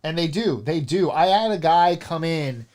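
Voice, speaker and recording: A man's voice: a little high, expressive, normal speed, a little mellow. A man in casual chat, talking animatedly with lots of fillers and restarts. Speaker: role-playing game player.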